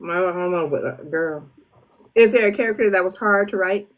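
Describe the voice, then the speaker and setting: A woman's voice: fairly low pitch, moderate pace, poor audio. A woman hosting a podcast, joking playfully in slangy casual talk with her guest. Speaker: podcast host.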